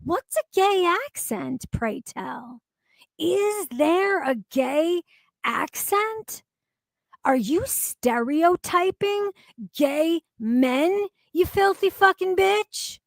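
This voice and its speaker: Woman streamer, high voice, gravelly fry, heated profane rant, dry close sound. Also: lively intonation, very slow, dry recording. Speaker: stream host. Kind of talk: ranting commentary stream.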